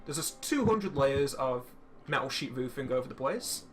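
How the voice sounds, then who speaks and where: A young man telling a story in casual chat while streaming a game, swearing freely and animated. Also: medium pitch, moderate pace, loud music behind the voice.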